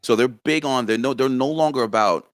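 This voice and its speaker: A man's voice: medium pitch, brisk, dry recording, clean studio sound. A man guest on a casual interview chat, earnestly explaining things step by step. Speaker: guest content creator.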